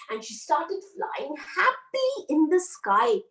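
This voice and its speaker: Woman, Indian accent, children's teacher, high-pitched, slow storytelling, roomy distant recording. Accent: Indian English. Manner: animated, asks children questions. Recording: roomy, far from mic.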